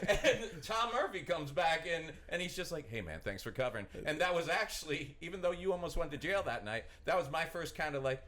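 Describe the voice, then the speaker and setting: Bright-voiced comic telling a backstage story. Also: male voice, on the high side, very animated, fairly quick, hardly any pauses. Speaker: feature comedian. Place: backstage at a comedy club.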